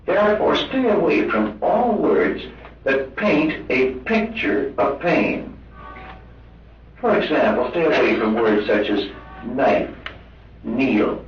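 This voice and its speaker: Male instructor, animated and emphatic, old hissy roomy recording. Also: mid-range voice, recorded from a distance, lo-fi sound. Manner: lively, emphatic lecturing with drawn-out stressed words. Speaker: medical hypnosis instructor. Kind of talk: recorded lecture.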